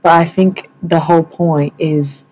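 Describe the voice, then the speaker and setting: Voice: medium pitch, steady tone, a little slow, darkish tone, low-quality recording. A livestreamer talking casually and swearing a lot, rambling with many fillers while claiming to channel spirits. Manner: rambling, profane, lots of fillers.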